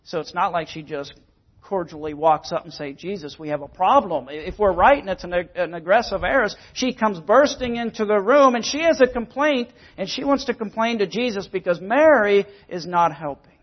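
High-voiced man preaching earnestly. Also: normal speed, dull audio. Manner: earnest, emphatic preaching with repeated words. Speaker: pastor. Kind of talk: sermon.

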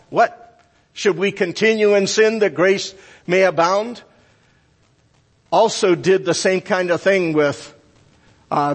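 An older man preaches in an unhurried, deliberate way, pressing his points with emphasis. His voice sits high for a man and has a husky edge. A long reverb trails behind him, as in a big hall. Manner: deliberate, emphatic teaching with Greek grammar asides. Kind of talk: sermon.

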